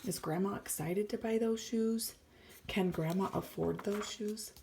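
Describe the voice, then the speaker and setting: A woman's voice: medium pitch, a little slow, a little mellow, a little hiss or hum. A woman teacher reading a story aloud to children, explaining words and often dropping to a whisper. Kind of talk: read-aloud lesson for children.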